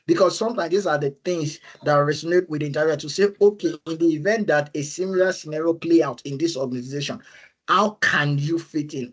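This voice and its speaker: A man speaking on a webinar, giving career advice in an earnest, repetitive way, often pleading "please" and checking "you understand?". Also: on the high side.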